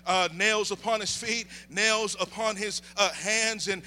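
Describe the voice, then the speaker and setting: Calling out for amens, a middle-aged man preaches animatedly in a voice that sits high, keeping a measured pace. His delivery alternates between shouts and quiet asides.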